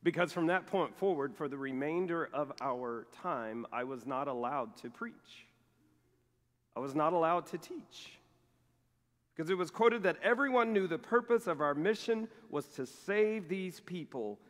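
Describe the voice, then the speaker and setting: A middle-aged male pastor preaching a sermon, telling a personal story in a lively way and acting out the dialogue. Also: on the high side, a little slow. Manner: animated storytelling, acts out quoted dialogue. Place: large church sanctuary. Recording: long reverb of a church sanctuary.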